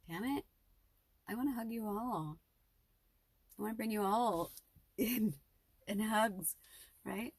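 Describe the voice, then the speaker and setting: A woman's voice: medium pitch, gravelly, breathy edge, no echo. A middle-aged woman talking to her viewers in an emotional, rambling personal vlog with a spiritual bent. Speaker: vlogger.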